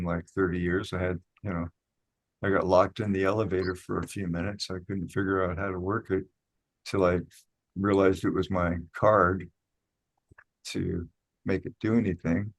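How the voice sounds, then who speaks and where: A man's voice: low-pitched, level tone, moderate pace, creaky, no echo. An older man in a casual chat, easygoing and chatty.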